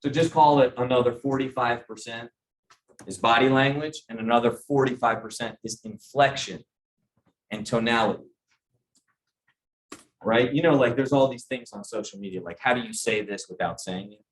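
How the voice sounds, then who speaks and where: A middle-aged man with a medium-pitched voice speaks at normal speed during a sales training session for a group. He's casual and conversational, often posing questions to the audience.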